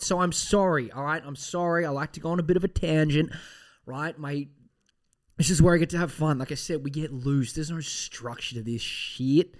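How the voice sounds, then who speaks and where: A man's voice: a little high, moderate pace. A man hosting a casual podcast. He rambles off on tangents with a lot of swearing and mock threats. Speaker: podcast host.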